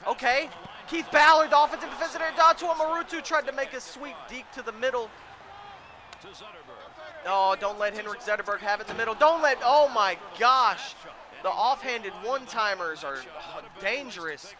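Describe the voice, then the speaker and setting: A man commentating his own video game, pleading with and yelling at the players in a frantic way, his voice starting to go hoarse. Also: extremely high pitch, normal speed, a crowd in the background. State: voice going hoarse. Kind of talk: excited let's-play commentary.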